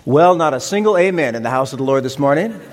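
A man's voice: a little high, expressive, quick pace, a little hiss or hum. A man preaching a sermon as pastor, in a conversational, wry manner. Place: church sanctuary. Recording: reverberant hall.

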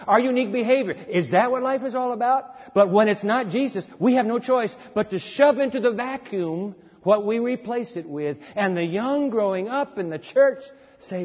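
A man preaching a sermon in a church hall, dramatic and swinging from emphatic to hushed, questioning the congregation. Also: high-pitched, expressive, moderate pace, hardly any pauses. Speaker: pastor. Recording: lo-fi sermon recording in a reverberant hall.

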